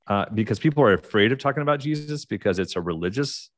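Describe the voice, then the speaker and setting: A middle-aged man with an Oklahoma accent speaks as a podcast guest, his voice sitting on the low side. He rambles through his stories, restarting sentences and leaning on fillers. The sound is dry and close to the mic. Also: expressive, fast, no room sound. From United States. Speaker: podcast guest, leadership author. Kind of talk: casual interview storytelling.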